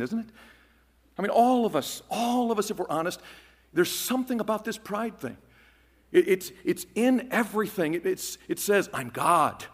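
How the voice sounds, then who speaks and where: A man preaching a sermon as pastor, emphatic, swinging from loud declarations to hushed phrases. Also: sits high, in a large hall.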